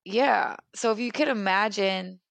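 Young woman with gravelly vocal fry. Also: mid-range voice, a little slow, dry recording. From California. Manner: animated and emphatic, heavy use of "like". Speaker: guest. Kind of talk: candid personal conversation.

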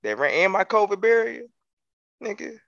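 A man's voice: high-pitched, big pitch swings, moderate pace, gravelly, a bit bright, no echo, dull audio. A man co-hosting a casual podcast, laid-back and slangy, laughing often. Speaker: podcast co-host.

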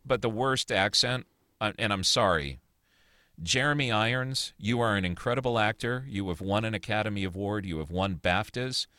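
A man's voice: on the low side, moderate pace, pushed and bright, no echo, clean studio sound. A man co-hosting a podcast, chatting casually and reviewing movies with opinionated, rambling talk. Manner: opinionated, rambling with restarts and swearing. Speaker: podcast co-host.

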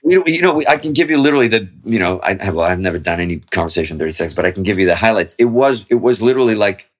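A man's voice: on the low side, expressive, racing. A man, a musician guest in an interview, telling a long story casually with lots of swearing and restarts. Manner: rambling, profane, with frequent restarts.

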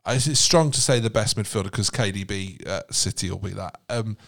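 A man's voice: lowish voice, fairly quick, vocal fry, a bit bright. Jokey man hosting football chat. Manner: jokey, banter-driven, poses questions. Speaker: podcast host.

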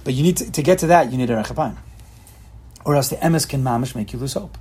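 A man's voice: mid-range voice, quick pace, mellow, breathy edge. A man giving an emphatic, repetitive Torah lecture, mixing in Hebrew and Yiddish terms. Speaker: Torah teacher.

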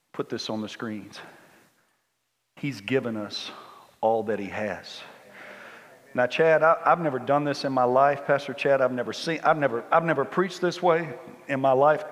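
Passionate male preacher, animated, long church echo. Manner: emphatic, animated, climbs high when worked up. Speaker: guest preacher. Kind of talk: sermon.

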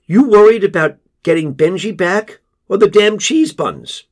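A woman's voice: fairly low pitch, big pitch swings, takes it slowly, a little mellow, husky, pitched above the performer's own voice, full character voice. A man voicing a blunt, exasperated woman who swears freely.

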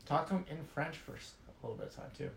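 A man's voice: on the high side, steady tone, fast talker, creaky. A man co-hosting a podcast, telling travel stories in casual chat and laughing as he goes. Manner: storytelling, laughs when amused. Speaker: podcast co-host. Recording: echoey room.

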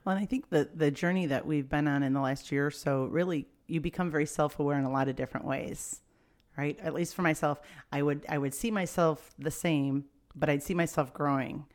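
A woman's voice: deep voice, fairly quick, darkish tone. A woman interviewing a guest in an encouraging, reflective way. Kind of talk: casual interview.

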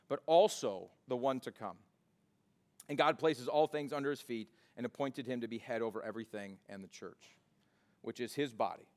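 A man preaching a sermon in a church, mixing scripture with casual storytelling and animated retellings. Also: mid-range voice. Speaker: pastor. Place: church sanctuary.

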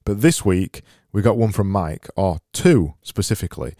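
Low-voiced podcast host, dry humour. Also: male voice, animated, normal speed, mellow, dry recording. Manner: dry, self-mocking, reads listener messages. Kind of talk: casual solo podcast chat.

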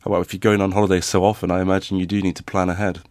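Hesitant, dry-humored man with a low voice. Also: flat delivery, rapid-fire, darkish tone, no room sound. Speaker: podcast host. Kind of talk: casual chat.

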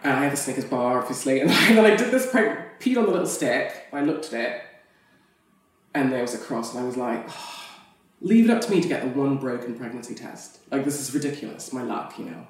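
A woman's voice: very deep voice, expressive, a little fast, recorded from a distance. A woman, an actress and podcast guest, telling a personal story frankly and animatedly, laughing often. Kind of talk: candid storytelling in conversation. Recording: very echoey room, off mic.

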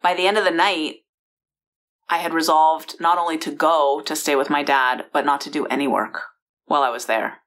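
A woman's voice: low voice, steady tone, normal speed, fairly bright tone. A woman from San Francisco telling a personal story in a chatty way, with restarts and asides to the listener, recorded in a bedroom. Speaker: founder and host.

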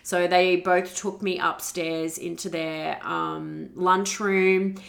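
A woman's voice: lowish voice, little pitch movement, slow, vocal fry. A young woman hosting a podcast, telling her own story candidly and emotionally, and acting out her past words. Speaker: podcast host. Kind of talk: personal storytelling.

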